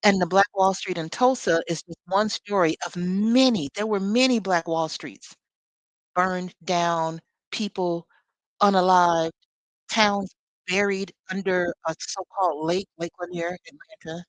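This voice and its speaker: A woman's voice: fairly low pitch, a little slow, dry recording, low-quality recording. A woman leading a live spiritual teaching, talking expressively with sassy, conversational asides.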